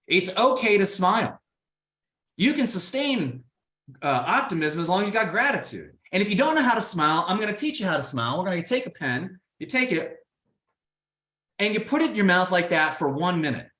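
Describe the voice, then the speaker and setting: A man from Indiana speaks to his audience head-on in a playful, animated motivational keynote. His voice is high and fairly quick, set in a roomy sound.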